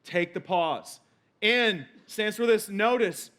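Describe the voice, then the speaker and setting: A man's voice: sits high, expressive, slow pace, a bit bright. A man pastor preaching a sermon, quoting scripture and repeating key points for emphasis.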